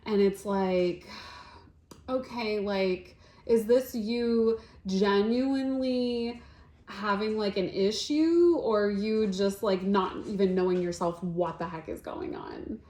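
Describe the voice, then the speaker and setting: Slow-talking laughing woman, echoey room. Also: mid-range voice, mellow. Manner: laughs often, many filler likes. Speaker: podcast co-host. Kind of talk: casual chat.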